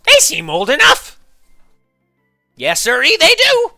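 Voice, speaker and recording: A man voicing a loud, excitable two-headed bird creature in a tabletop game, talking in a shrill squawking voice. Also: takes it slowly, vocal fry, no echo, studio quality, faint music behind, heavily acted. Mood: excited.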